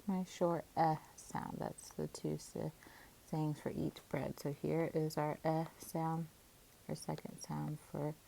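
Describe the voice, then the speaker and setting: A woman teacher calmly walking through syllable division, sounding out each part of a word. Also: lowish voice, gravelly, slight background noise, low-quality recording. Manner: calm, methodical, sounds out syllables. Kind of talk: phonics lesson, syllable division.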